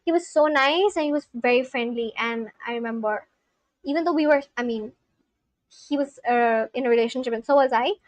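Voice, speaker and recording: A woman's voice: fairly high pitch, fairly quick, no room sound. A young woman livestreamer chatting casually with viewers, talking back to chat with loose, filler-heavy speech. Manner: talks back to chat, scolding and reassuring.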